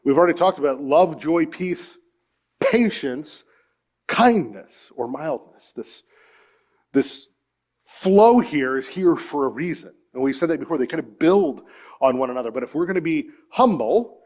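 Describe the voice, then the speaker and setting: A middle-aged male pastor gives a sermon in a church. His voice sits a little higher than most men's. He drops to a near-hush for personal stories, then rises sharply to drive his points home. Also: lively intonation, a little slow. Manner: earnest storytelling, swings from hushed to emphatic.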